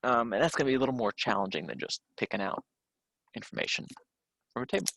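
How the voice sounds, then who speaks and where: A man with a bright, forward voice walks students through test questions in a relaxed, conversational lesson. He talks with many fillers and restarts. The sound is dry and close, with no room echo. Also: mid-range voice, fast, creaky. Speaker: teacher. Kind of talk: recorded test-prep lesson.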